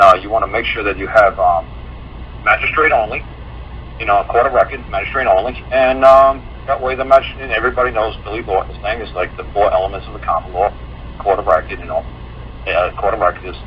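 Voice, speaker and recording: A man on a call-in show telling a long story in a rambling, animated way, with many fillers and restarts. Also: on the low side, quick pace. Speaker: guest. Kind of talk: casual call-in chat. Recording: muffled online call audio with faint hiss.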